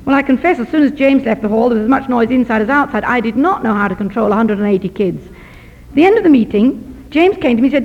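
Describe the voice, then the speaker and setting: A woman with a high voice tells a sermon story, lively and gently self-mocking. The recording is dull and muffled, and a long hall reverb trails behind her words. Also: fast. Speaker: missionary doctor and speaker.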